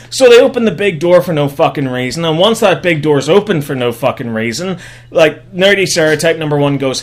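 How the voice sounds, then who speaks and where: A man's voice: fairly high pitch, expressive, moderate pace. Sweary young man ranting a movie recap. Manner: sweary, sarcastic ranting with mock character voices. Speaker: podcast host.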